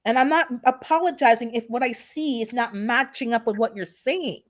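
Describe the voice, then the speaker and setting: A woman's voice: on the high side, normal speed. A woman hosting her own channel, chatting casually on a live stream in a blunt, sarcastically funny, rambling way. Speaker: gardening channel host.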